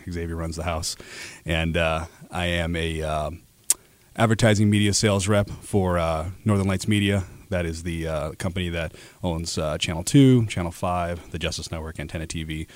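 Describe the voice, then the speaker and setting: An ad sales rep in his thirties from Alaska appears as a guest on the radio, talking earnestly about his work in a casual interview, with lots of fillers and restarts. His voice is low-pitched, his pace moderate, and the recording dry.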